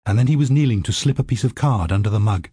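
A man narrating an audiobook in a steady, vivid storytelling manner. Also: fairly low pitch, quick pace, slightly rough, no room sound, clean studio sound.

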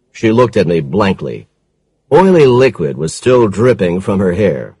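Slow, husky male audiobook narrator. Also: sits low, sing-song, dark tone, no echo, rough recording. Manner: measured, dramatic storytelling. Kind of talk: first-person detective audiobook narration.

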